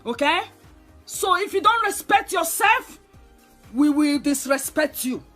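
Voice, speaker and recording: Scolding Nigerian woman, high voice. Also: expressive, a little slow, fairly bright tone, faint music behind. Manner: heated, scolding, repeats herself with rhetorical questions. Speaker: online commentator. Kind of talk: angry direct-to-camera rant.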